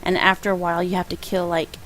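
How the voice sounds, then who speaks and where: A woman talks through a video game playthrough in a casual, rambling way, often laughing at her own jokes. Her voice sits a little low. A faint hiss runs under the recording. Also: level tone, fast talker, a bit bright, poor audio. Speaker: let's play host. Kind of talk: casual gameplay commentary.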